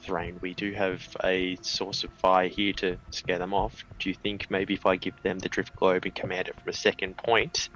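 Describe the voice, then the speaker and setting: Brief: lowish male player, talks through plans, many fillers. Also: level tone, normal speed, hardly any pauses, a bit bright, dull audio. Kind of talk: casual tabletop chat.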